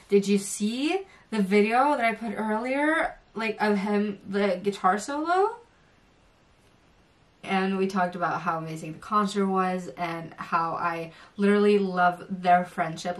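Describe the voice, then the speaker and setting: Gushing young woman, slightly distant mic. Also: fairly low pitch. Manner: gushing, breathless, giggly. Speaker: vlogger. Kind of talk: excited storytime chat. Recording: voice a bit far from the mic.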